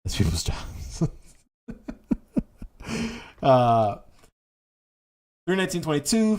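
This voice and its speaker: A man's voice: medium pitch, darkish tone. A man ranting casually about politics, reading headlines aloud, stumbling and restarting, hammering points with repetition. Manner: stumbling over words, many restarts; emphatic, repeats phrases for effect. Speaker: political commentary streamer.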